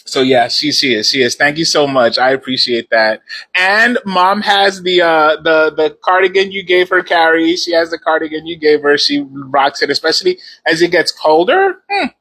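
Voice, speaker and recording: Guy chatting on a phone livestream, kinda high voice, encouraging, says stuff twice. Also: expressive, moderate pace, sharp tone, poor audio. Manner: encouraging, repeats his points. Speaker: host of a live stream. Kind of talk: casual live-stream chat.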